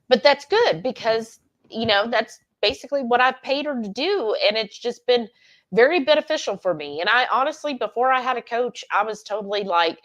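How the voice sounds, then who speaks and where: A woman's voice: on the high side, lively intonation, fairly quick, a bit bright. A woman co-hosting a livestream, chatting candidly in a rambling, self-correcting way. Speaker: livestream co-host. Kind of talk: casual chat.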